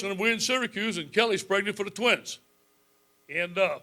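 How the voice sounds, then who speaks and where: Fifties male coach at a club speech; a slightly high voice with folksy, lively storytelling broken by chuckles. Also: moderate pace, pauses often. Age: 50s.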